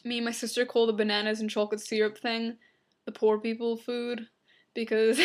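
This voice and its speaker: Blunt young woman vlogger, brisk. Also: fairly high pitch, monotone, noisy background. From Long Island, New York. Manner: blunt, flippant, quick asides. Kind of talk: casual Q and A vlog.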